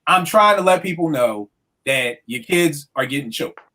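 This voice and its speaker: A woman in her forties on a casual podcast, talking in an emphatic, animated, profane way. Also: sits low, moderate pace. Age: 40s.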